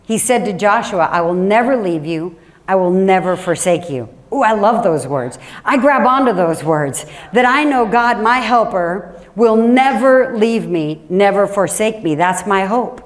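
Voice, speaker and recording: Woman preaching with emphatic swings. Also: measured pace. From Washington State. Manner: animated, emphatic preaching with sudden drops to a quiet, low voice. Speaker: pastor. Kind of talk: sermon. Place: church.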